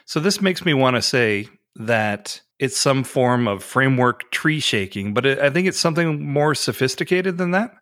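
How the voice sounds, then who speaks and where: A man hosts a tech podcast, opening with friendly banter and asking questions through silly playful scenarios. His voice sits at a medium pitch and he talks in a relaxed, casual way. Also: normal speed, hardly any pauses, no room sound, studio quality. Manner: playful, jokey framing of questions. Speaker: podcast host.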